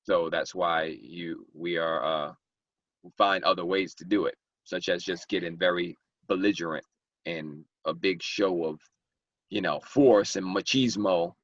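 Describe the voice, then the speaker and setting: A man's voice: sits low, measured pace, no echo, highs cut off. A man, hosting a casual group discussion as the author and acting out people as he talks. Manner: animated, acts out exaggerated characters mid-story.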